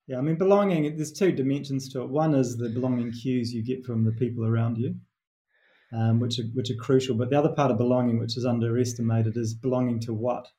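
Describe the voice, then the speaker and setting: Mellow-voiced man with a New Zealand accent. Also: medium pitch, steady tone, fast talker. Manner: earnest storytelling with restarts. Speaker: performance coach, author. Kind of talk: reflective interview answer.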